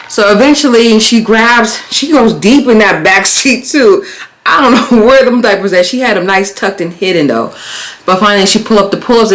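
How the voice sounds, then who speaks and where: A young woman with a somewhat high voice tells a storytime on her vlog. She acts out every quote with big swings in pitch and blunt cursing. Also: a bit bright. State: pregnant. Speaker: vlogger. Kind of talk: animated storytime.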